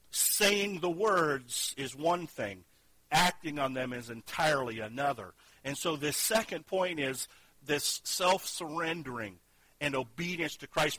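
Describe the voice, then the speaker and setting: A man preaching a sermon, earnest, moving between loud emphatic lines and quiet hushed ones. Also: a little high, no room sound, low-quality recording. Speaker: pastor.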